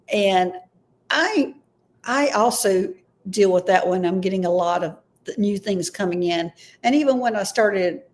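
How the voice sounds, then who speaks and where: A woman's voice: mid-range voice, darkish tone. Woman, intuitive reader, live stream, tentative, hesitant, unsure of herself. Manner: tentative, often unsure of her messages. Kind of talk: live-streamed psychic reading.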